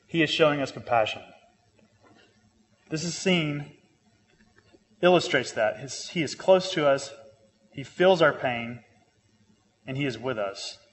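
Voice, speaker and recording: A man delivers a sermon. He speaks earnestly and restates key lines for emphasis. His words ring with a long reverb through a church hall. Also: on the high side. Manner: earnest, repeats phrases for emphasis, grows lively with humor. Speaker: pastor.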